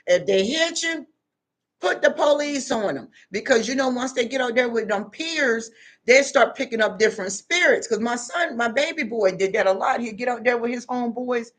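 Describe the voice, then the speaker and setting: A woman's voice: mid-range voice, a bit bright. Middle-aged woman vlogging, no filter, tells it like it is, medium voice. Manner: blunt, streetwise, plain-spoken. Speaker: vlogger giving life advice. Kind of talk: casual monologue to camera.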